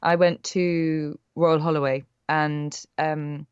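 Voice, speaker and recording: A woman's voice: low-pitched, flat delivery, takes it slowly, clean tone, no echo, dull audio. A young adult woman from Wales, a voice actor, chatting in a casual interview with a faint Welsh accent and a bubbly, enthusiastic manner. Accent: faint Welsh, mostly neutral British. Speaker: voice actor guest.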